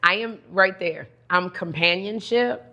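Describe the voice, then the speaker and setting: A middle-aged woman, a guest in casual chat, telling stories in a playful, animated way. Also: medium pitch, moderate pace, muffled recording.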